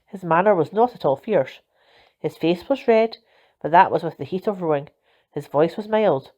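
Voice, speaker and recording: Mellow, low woman reading a storybook. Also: animated, normal speed. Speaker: volunteer reader. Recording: dull lo-fi recording.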